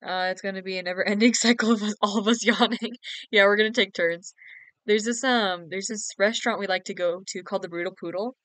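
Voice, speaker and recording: A woman's voice: medium pitch, fairly even intonation, fast, a bit bright, dry recording. A young woman chatting casually on a late-night game stream, giggly, teasing and sleepy. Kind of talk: casual live-stream chat.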